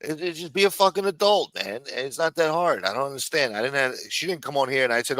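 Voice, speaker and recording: A man's voice: mid-range voice, expressive, fast talker, few pauses, pushed and bright, dry recording, poor audio. Blunt, profane male stream host. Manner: blunt, profane, exasperated storytelling. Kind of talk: casual livestream chat.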